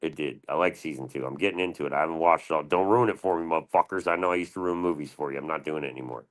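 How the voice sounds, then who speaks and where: A man's voice: a bass voice, rapid-fire. A man in his thirties chatting casually on a livestream, rambling and swearing freely as he talks. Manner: crude, profane and rambling.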